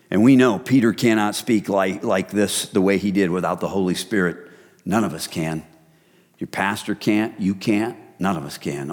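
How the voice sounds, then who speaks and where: A middle-aged pastor delivers a sermon in a relaxed, conversational style, calling his listeners "you guys." His voice is fairly low and slightly rough, and the recording has the echo of a reverberant hall.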